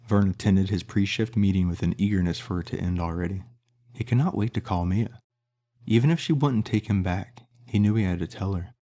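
Deep, dark-voiced male narrator. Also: fairly quick. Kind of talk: audiobook narration.

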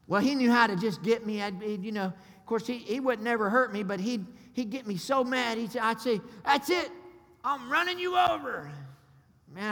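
A man preaching a sermon, excitable and storytelling, with loud shouted peaks. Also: high-pitched. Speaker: pastor. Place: church sanctuary. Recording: long hall reverb.

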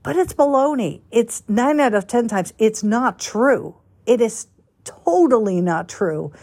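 A woman podcast host talking casually, telling stories in a chatty, animated way with quick asides. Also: on the high side, breathy edge. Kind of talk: casual chat.

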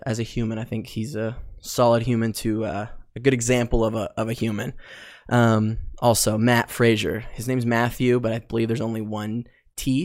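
A man's voice: fairly low pitch, no room sound, clean studio sound. Rambling young man hosting a podcast. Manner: rambling, loose, with many ums and likes. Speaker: podcast host. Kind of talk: casual solo podcast monologue.

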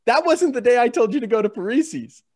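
A man's voice: very high-pitched, quick pace. A man, a strength coach, telling profane stories in casual chat with plenty of laughter. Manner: animated, profane, lots of laughter, big shouts in reenactments.

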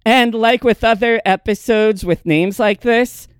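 Co-host, recaps plot at a relaxed pace, smooth clear tone, dry close sound. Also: mid-range voice, unhurried, no room sound. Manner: laughs often, narrates the plot step by step. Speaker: podcast co-host recapping episodes. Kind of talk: casual recap chat.

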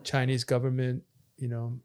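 A man's voice: mid-range voice, completely flat delivery, normal speed, a little mellow, clean tone. A man, a pastor co-hosting a podcast, telling stories in a loose, rambling way with many fillers and restarts. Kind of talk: casual chat.

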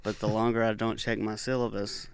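A young college student with a Southern American accent, relaxed and self-deprecating as an interview guest. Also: male voice, on the low side, brisk, vocal fry, clear, resonant tone, no room sound. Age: young adult. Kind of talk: casual interview chat.

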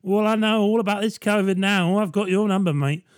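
A man's voice: high-pitched, a little fast, no room sound, clean studio sound, pitched above the performer's own voice, natural voice. A man voicing a cheeky, swaggering male white blood cell, chirpy and sweary. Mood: cocky.

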